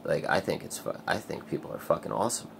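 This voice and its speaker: A man vlogging in a casual, rambling way, swearing often and filling pauses with "like" and "you know.". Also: a bass voice, very animated, vocal fry, slight background noise. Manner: rambling, swears a lot, many fillers. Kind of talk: casual personal vlog.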